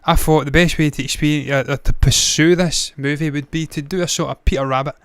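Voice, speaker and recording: A man's voice: a little high, fairly even intonation, fairly quick, clear, resonant tone, dry recording. Profane, rambling movie-news host, man. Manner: blunt, profane, rambling with tangents. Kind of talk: casual solo commentary.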